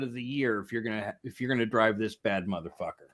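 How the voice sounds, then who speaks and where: A man's voice: quick pace, few pauses, a bit bright. A man co-hosting a movie review show, rambling casually with swearing and frequent laughter. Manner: rambling, laughs often, swings pitch widely. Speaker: movie review podcast co-host.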